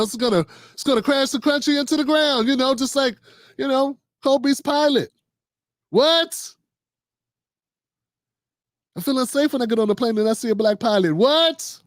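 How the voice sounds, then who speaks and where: Middle-aged guy ranting casually on a livestream, pretty high voice, dry close sound, slangy and animated. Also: no echo. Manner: loose, animated, riffing with slang and quoted voices. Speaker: host. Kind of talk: casual political commentary livestream.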